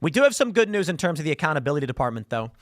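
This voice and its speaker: A man's voice: fairly high pitch, sing-song, rapid-fire, no room sound, clean studio sound. A man hosting live political commentary, talking in a sarcastic, mocking way and slipping into mock voices. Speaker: political show host. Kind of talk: opinionated live-stream commentary.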